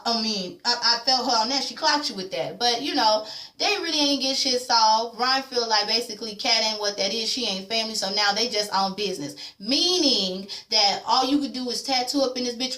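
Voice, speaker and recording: Woman, blunt and slangy, bright voice, echoey room. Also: fairly high pitch. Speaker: vlogger recapping a TV episode. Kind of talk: casual chat.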